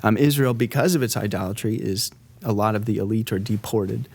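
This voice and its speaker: A man speaking as a guest on a podcast, an art historian in casual conversation who tells stories in a lively way and laughs easily. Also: lowish voice, a little fast, creaky. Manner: lively storyteller, laughs easily, quotes figures in playful voices.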